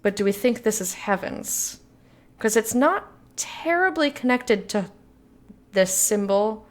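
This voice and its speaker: A young woman playing a game and commenting casually, excitable and playful, swearing now and then. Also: medium pitch, slow. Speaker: let's play streamer.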